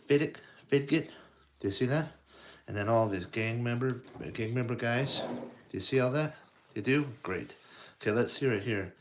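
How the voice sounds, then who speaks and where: Male storybook reader for kids, very slow, halting, chatty asides. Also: mid-range voice. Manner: slow, halting, asks the listener questions. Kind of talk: reading a storybook aloud to children.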